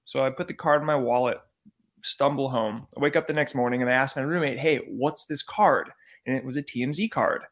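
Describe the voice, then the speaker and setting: A young man, a podcast guest, telling a story in an animated, profane way and acting out the quotes. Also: medium pitch, fast. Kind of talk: casual storytelling.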